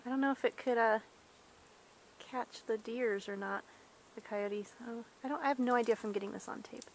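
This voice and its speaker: A woman's voice: a little high, normal speed. A woman casually rambling while filming wildlife, chatting on the phone at the same time, recorded on a handheld camcorder's built-in mic.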